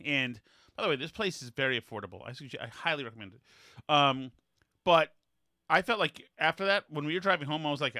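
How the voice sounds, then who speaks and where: A man's voice: a little high, fast, sharp tone, no echo, clean studio sound. A man hosting a podcast in casual chat, rambling with many fillers and restarts, blunt and mocking. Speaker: podcast host.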